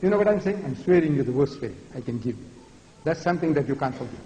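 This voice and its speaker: A man's voice: a little high, quick pace, highs cut off. A man in his seventies giving an emphatic, repetitive public lecture. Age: 70s. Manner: emphatic, repetitive, animated preaching. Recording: echoey hall recording.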